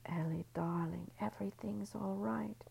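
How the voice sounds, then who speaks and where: A woman reading a story, voicing a tender, fatherly man who coos soothing words in a soft whisper. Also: mid-range voice, fairly even intonation, unhurried, vocal fry, breathy edge, voice pushed up, full character voice, low-quality recording.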